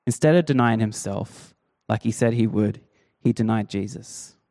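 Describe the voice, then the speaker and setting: A man preaching a sermon, telling the story with lively, acted-out quotes. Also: lowish voice, moderate pace. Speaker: pastor.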